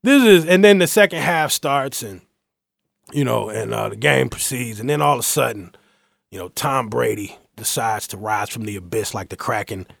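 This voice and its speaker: A man telling a long story in casual chat, acting out the quotes with sudden loud, high outbursts. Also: normal speed, gravelly, no room sound, studio quality. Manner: lively, acts out quotes with big jumps in pitch and volume.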